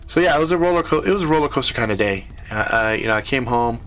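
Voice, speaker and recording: Foul-mouthed man, lively rambling story. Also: medium pitch, quick pace, soft background music. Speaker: live stream host. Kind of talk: casual chat.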